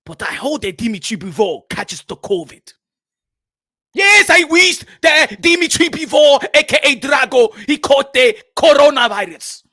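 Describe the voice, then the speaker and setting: A man doing a comedic impression of a boastful, indignant African male boxer, with a put-on African accent, shouting and sing-song in his complaints. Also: very high voice, sing-song, unhurried, dry recording, clean studio sound, voice pushed up, heavily acted. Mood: ranting.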